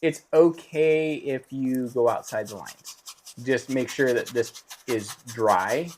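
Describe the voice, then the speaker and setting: A man's voice: medium pitch, slow, a little mellow. A man teaching a live painting lesson, explaining steps and joking playfully with his co-host. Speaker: painting instructor.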